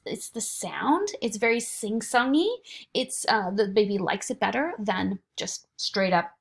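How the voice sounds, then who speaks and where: A woman instructor giving a recorded lecture in a chatty, animated way, now and then dropping into sing-song baby talk to demonstrate. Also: fairly high pitch.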